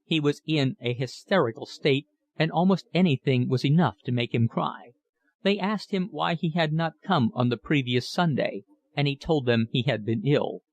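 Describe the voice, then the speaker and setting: A man narrating a classic novel audiobook in a measured, even reading. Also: a little high, no room sound. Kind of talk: scripted narration.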